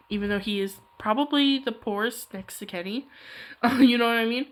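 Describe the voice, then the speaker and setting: A young woman talks casually while she draws, her voice sitting a little high. She rambles from one aside to the next and pokes fun at herself as she goes. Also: steady tone, moderate pace, fairly bright tone. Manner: rambling, chatty, self-deprecating. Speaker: hobby artist vlogger. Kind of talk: casual chat while drawing.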